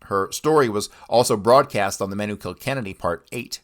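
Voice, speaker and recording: Swearing man with a low voice. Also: a little fast, fairly bright tone. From United States. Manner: blunt, swears often, rants between readings. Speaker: podcast host. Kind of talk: history commentary with read-out passages.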